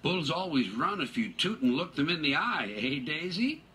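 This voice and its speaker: A man voicing a patient, sensible small tank engine with a calm, dryly teasing manner. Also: on the high side, normal speed, husky, voice pushed up, exaggerated voice.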